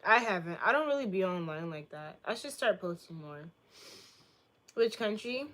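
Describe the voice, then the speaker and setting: Speaking at a moderate pace, this young Boston streamer has a mid-range, slightly bright voice with lively intonation. She answers chat during a casual livestream, joking around playfully and teasing in a crude way.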